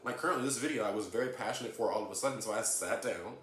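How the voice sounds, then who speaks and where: A man's voice: fairly low pitch, very fast. A man from the US South in a casual astrology vlog, talking earnestly into his camera at home. He ends nearly every point with "okay?" and laughs lightly between points. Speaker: astrology vlogger. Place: room at home. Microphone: camera mic. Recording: echoey room with faint hiss.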